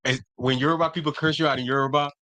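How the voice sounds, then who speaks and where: Bright-voiced excitable man. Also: fairly high pitch, racing, dry recording. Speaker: podcast co-host. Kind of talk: casual chat.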